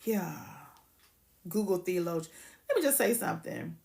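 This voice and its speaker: A woman's voice: lowish voice, lively intonation, moderate pace, vocal fry, darkish tone. Blunt, profane woman streaming live. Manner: blunt and profane, greets chat by name. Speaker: livestream host. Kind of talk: casual livestream rant.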